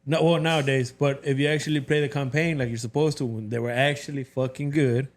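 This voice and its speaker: A man in casual podcast banter who talks softly and rambles, swearing often. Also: mid-range voice, steady tone, a little fast. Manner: soft-spoken, profane, rambling. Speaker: podcast co-host.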